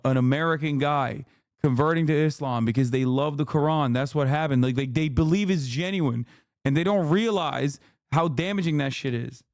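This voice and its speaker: A man's voice: fairly high pitch, no room sound, clean studio sound. A man giving heated, profane livestream commentary, ranting and exasperated. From Muslim-majority country. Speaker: streamer reacting to a video.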